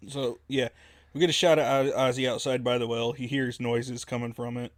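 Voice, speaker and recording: A young man speaks in a flat, even tone, recapping a film's plot with dry, matter-of-fact remarks. He is a little buzzed and chatting casually. The recording is dry and close. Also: mid-range voice, moderate pace, no echo. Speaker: movie review podcast co-host. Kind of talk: casual movie review chat.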